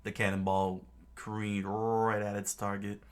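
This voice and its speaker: Man reading a comic aloud, casual, halting, lots of fillers, deep voice, slow pace. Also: level tone, a bit bright. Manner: halting, frequent "uh" fillers and restarts. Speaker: reader.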